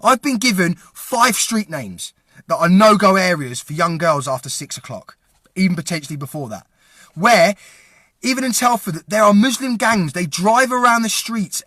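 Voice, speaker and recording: A man's voice: sits high, expressive, moderate pace, bright, forceful tone, husky, dry recording, studio quality. A young man giving an impassioned, angry, swearing rant straight to his viewers, calling them to act. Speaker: vlogger. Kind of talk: direct-to-camera rant.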